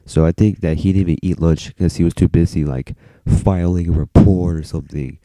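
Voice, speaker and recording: A man's voice: low voice, fairly even intonation, brisk, mellow, dry recording. A male vlogger telling a story in a casual, rambling way, full of "like" and freely dropped swear words.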